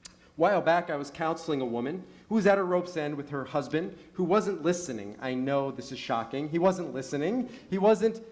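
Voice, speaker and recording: A man's voice: on the high side, lively intonation, fairly quick, a little mellow. A middle-aged man, a rabbi, preaching a sermon in a synagogue, telling stories and asking rhetorical questions with rising emphasis. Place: synagogue sanctuary.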